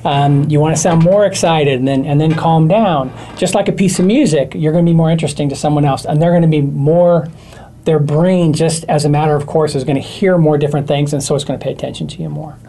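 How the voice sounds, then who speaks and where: A man appearing as a guest expert, explaining communication in a loose, animated way with many fillers. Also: a little high, a little fast. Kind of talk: casual chat.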